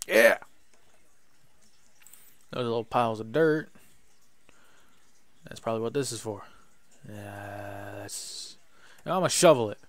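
A man's voice: on the low side, slow, long pauses, no echo. A man casually commenting on a video game as he plays, joking and muttering to himself. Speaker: gaming YouTuber. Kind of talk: let's play commentary.

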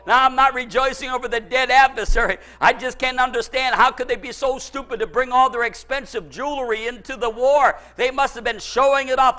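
A man's voice: very high voice, normal speed, pushed and bright. A middle-aged male pastor preaching a sermon, emphatic and repetitive as he tells personal stories.

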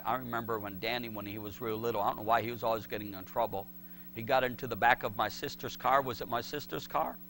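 Middle-aged pastor guy preaching hard, bright sharp tone, faint hum behind. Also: mid-range voice. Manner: impassioned, swings from shouted pleas to hushed words. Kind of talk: sermon.

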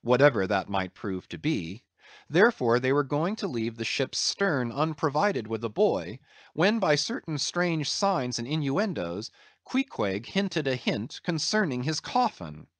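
A man reading a classic novel aloud as an audiobook narrator, in an expressive, measured storytelling manner. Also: mid-range voice, no room sound. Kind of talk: scripted narration.

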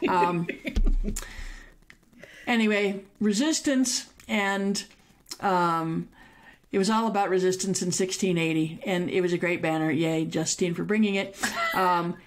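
A woman's voice: fairly low pitch, measured pace, long pauses. A woman guest on a podcast, telling a story in casual chat with candid, profane asides.

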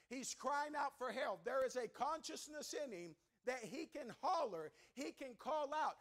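A preacher with a high, ringing voice delivers a revival sermon from a church pulpit. He builds in waves to shouted, repeated phrases, then sinks into low, hushed pleading. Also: big pitch swings, normal speed, hardly any pauses. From American South. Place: church sanctuary.

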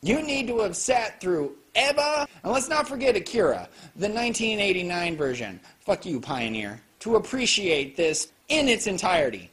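Man reviewing anime, casual and profane, very lively pitch, joking asides. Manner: animated, swearing, joking asides.

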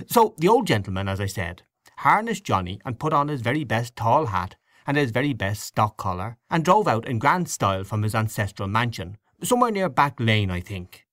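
A man's voice: medium pitch, big pitch swings, normal speed, fairly bright tone, no echo, studio quality. A man as a droll, genial storyteller. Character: genial man telling a comic family tale.

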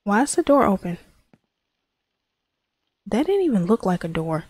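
A woman's voice: medium pitch, very animated, moderate pace, darkish tone, husky, no echo. A woman commenting as she plays horror games, reacting to jump scares with gasps and nervous laughs. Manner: jumpy, gasping reactions. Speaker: horror game player. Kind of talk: let's play commentary.

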